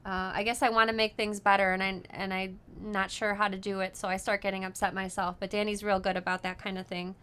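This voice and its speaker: A woman's voice: medium pitch, level tone, fast, few pauses, fairly bright tone, a little hiss or hum. A woman hosting a casual live show, chatting with lots of ums and easy laughter. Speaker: host of a sewing live show. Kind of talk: casual live-stream chat.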